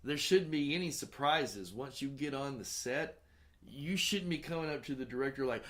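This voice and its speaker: Bright-voiced man telling profane stories. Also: mid-range voice, moderate pace. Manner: profane, animated storyteller. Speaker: podcast host and film director. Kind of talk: casual storytelling chat.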